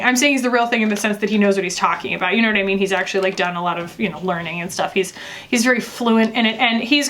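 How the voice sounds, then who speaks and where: A woman's voice: a little high, a bit bright. A young woman beauty reviewer chatting casually and rambling with lots of fillers while doing her makeup.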